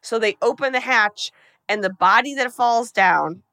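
A woman podcast host races through a film recap, swearing freely. Her voice is fairly high and very bright. It is recorded close and dry, with no room sound. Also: no echo. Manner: rapid, profane, breathless storytelling.

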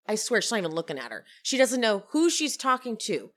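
A woman's voice: mid-range voice, fast, hardly any pauses. A woman podcast host recapping reality TV in a gossipy, chatty way, laughing often. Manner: gossipy, animated, laughing storyteller. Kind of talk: casual recap chat.

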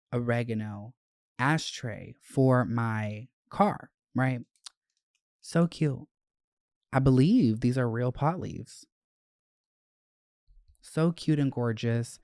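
A podcast host in their twenties, chatting casually with a sassy, slangy, animated storytelling manner. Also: mid-range voice, dry recording, clean studio sound. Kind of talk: casual chat.

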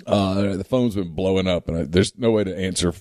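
Mellow-voiced male sports talk host. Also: low voice, fairly quick, no room sound, studio quality. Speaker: radio call-in host. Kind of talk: casual call-in sports talk.

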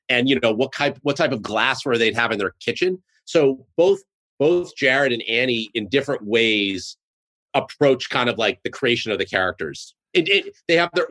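A man's voice: medium pitch, fairly bright tone. A man from Boston, a show co-creator, chatting eagerly in an interview with lots of "like" fillers. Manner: chatty, filler-heavy, enthusiastic. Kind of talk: casual interview chat.

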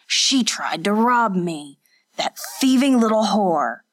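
A woman's voice: on the low side, moderate pace, lightly acted. Woman voicing a slurring drunken old fisherman. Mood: accusing. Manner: loud, shouting threats. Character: drunken old male fisherman, brutish and belligerent.

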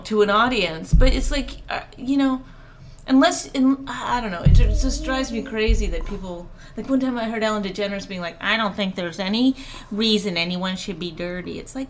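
A middle-aged woman co-hosting a casual podcast at home, talking bluntly and swearing freely. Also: on the high side. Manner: blunt, profane, ranting. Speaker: podcast co-host, comedian. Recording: faint background noise.

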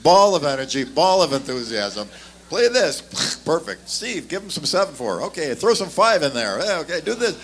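A man on a panel looks back on auditions with enthusiasm, and his voice swings widely in pitch. He speaks at a medium pitch, often pauses on fillers, and a faint noise sits behind him. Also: sing-song, a bit bright. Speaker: bass player guest. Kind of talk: casual recollection on a panel.

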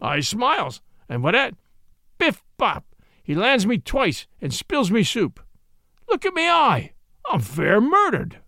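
A man voicing a brash, blustering middle-aged saloon keeper who tells a tall tale in rough slang. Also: high voice, huge pitch swings, slow pace, bright, forceful tone, no echo, clean studio sound, voice pushed up, exaggerated voice. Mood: aggrieved. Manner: blustering, indignant, colloquial.

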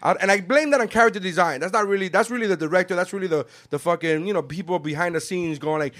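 A man in casual podcast chat, swearing a lot and acting out quotes with big shifts in loudness. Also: sits high, fast, hardly any pauses. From South Florida. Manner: animated, profane, acts out quotes.

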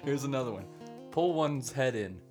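A man hosting a podcast in casual chat, with a middle-pitched voice. He reads definitions aloud and teases his co-host, with quiet guitar music in the background. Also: lively intonation, normal speed. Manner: reads out definitions, laughing and teasing.

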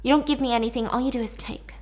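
A woman voicing a needy, manipulative young woman in captivity, talking softly and pleadingly. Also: on the high side, fairly even intonation, rapid-fire, close to an everyday voice.

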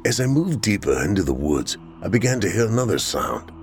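Deep-voiced man narrating a horror tale. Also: big pitch swings, a little fast, a little hiss or hum. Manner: dramatic, acts out frightened lines. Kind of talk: scripted first-person horror narration.

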